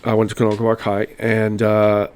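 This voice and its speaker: A man's voice: lowish voice, monotone, brisk, a little mellow, clear, resonant tone. A man guest on a podcast, telling long rambling anecdotes in casual chat. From United States. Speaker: podcast guest, former goalkeeper.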